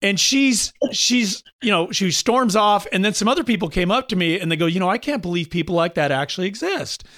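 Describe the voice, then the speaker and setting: A man in his fifties hosting a talk show, chatting casually and telling animated stories with mocking impressions of others. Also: sits high, a little fast, few pauses. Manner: animated storyteller, mimics others with mocking voices. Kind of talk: casual opinion chat.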